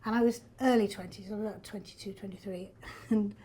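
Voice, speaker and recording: An older woman, a stage actor telling backstage stories in a lively, self-deprecating way with frequent laughs. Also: medium pitch, fast, slightly rough. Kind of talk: backstage storytelling. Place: theatre backstage.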